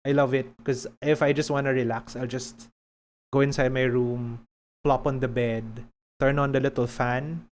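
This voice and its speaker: A man's voice: mid-range voice, flat delivery, normal speed, a little mellow. A man with a Filipino accent chatting casually while streaming a game, rambling and laughing often.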